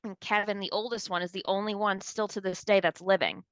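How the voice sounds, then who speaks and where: A woman's voice: mid-range voice, brisk, dry recording. A woman co-hosting a pop culture podcast, chatting casually and acting out the people she quotes. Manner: animated, acts out quoted voices. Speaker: podcast co-host.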